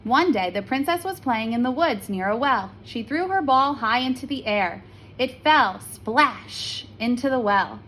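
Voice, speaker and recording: A woman teacher reading a fairy tale aloud to young children in an expressive storytelling manner. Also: fairly high pitch, measured pace, a little hiss or hum, low-quality recording.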